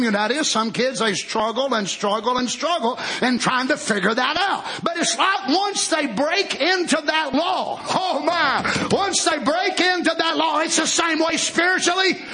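A man preaching as pastor, building to shouted, drawn-out lines. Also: very high voice. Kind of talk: sermon.

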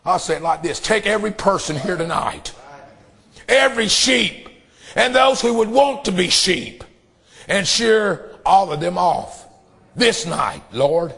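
Man, preacher, fervent sermon, husky raspy voice, emphatic drawn-out phrases. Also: sits high, expressive, a bit bright. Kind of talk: impassioned sermon and prayer.

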